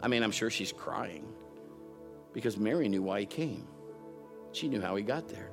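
A man's voice: fairly low pitch, animated, normal speed, creaky, music in the background. A middle-aged man preaching a sermon, telling family stories with playful mimicry. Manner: storytelling with playful mimicry and loud impressions. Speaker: pastor.

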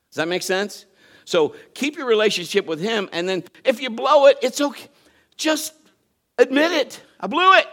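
A middle-aged man preaching with a lively, swooping delivery that rises and falls constantly. His voice sits a touch high for a man, and he tells stories by acting out every exchange. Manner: animated storyteller, acts out dialogue. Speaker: pastor. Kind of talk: sermon.

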